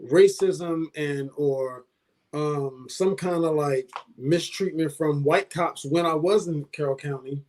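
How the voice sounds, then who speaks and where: Male co-host with a slightly high voice, rambling and hesitant. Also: slow pace, darkish tone, a little hiss or hum. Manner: rambling, hesitant, many restarts and fillers. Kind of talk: casual podcast discussion.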